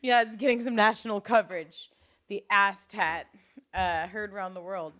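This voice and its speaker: A woman's voice: medium pitch, moderate pace. A young woman, a radio broadcaster co-hosting a podcast, chatting casually and telling stories with frequent laughs. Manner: lively storytelling, laughs often. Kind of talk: casual chat.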